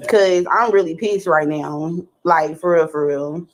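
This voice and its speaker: Slow-talking agitated woman on livestream. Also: deep voice. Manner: agitated, questioning. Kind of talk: livestream talk.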